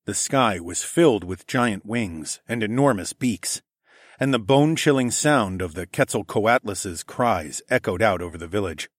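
Low-voiced man reading an audiobook. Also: unhurried, no room sound, clean studio sound. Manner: steady storytelling read, voicing dialogue with more energy. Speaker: audiobook narrator. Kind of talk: scripted first-person narration.

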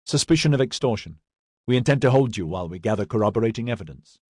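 A man's voice: on the low side, lively intonation, fast, darkish tone, slightly rough, no echo, studio quality. A man reading an audiobook, voicing a firm, authoritative male squad leader who speaks in a terse way.

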